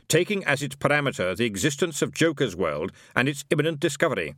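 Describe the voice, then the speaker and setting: A man voicing a kindly, measured talking computer that speaks evenly and precisely. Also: medium pitch, dry recording, clean studio sound, close to an everyday voice. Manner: even and precise.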